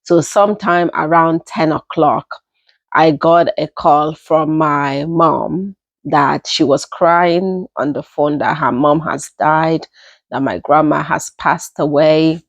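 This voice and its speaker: A young woman with a Nigerian accent telling a personal story in an unhurried, casual way, often repeating herself as she goes. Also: low voice, steady tone, no room sound. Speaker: storytelling vlogger.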